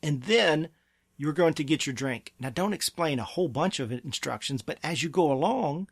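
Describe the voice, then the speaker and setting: Speaking to camera as a therapy clinic presenter, a man gives parenting advice in an earnest, emphatic way, acting out what parents and children say. His voice is fairly high, animated and gravelly with a breathy edge, at a moderate pace. The studio recording is clean, with no echo.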